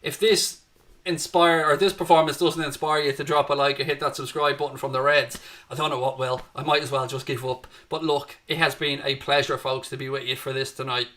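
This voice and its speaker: A man's voice: medium pitch, steady tone, brisk, sharp tone. An Irish man hosting a live fan watchalong, chatting with viewers and calling the match action. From Ireland. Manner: chatty, greets viewers and reads their chat, lifts up at match action.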